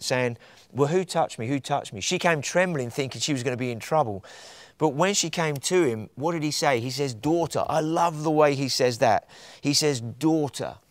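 A man's voice: medium pitch, no room sound. A man preaching a sermon with passion, building to emphatic peaks.

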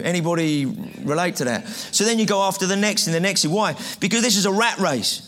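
High-voiced man preaching. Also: quick pace, few pauses, a bit bright. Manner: conversational, repeats phrases, asks the audience questions. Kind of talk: sermon. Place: room with a live audience.

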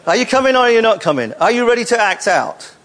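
A man's voice: very high voice, very animated, fast, a bit bright. A man leading a live audience on a hall stage, coaxing volunteers with playful, teasing jokes. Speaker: presenter leading audience participation.

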